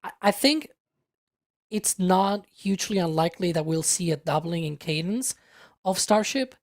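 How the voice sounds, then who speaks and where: A man's voice: high voice, animated, normal speed, dry recording, studio quality. A man on a casual podcast panel who reasons things through in a hedging, analytical way and keeps checking in with the others. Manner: analytical, hedging, ends points with "right?".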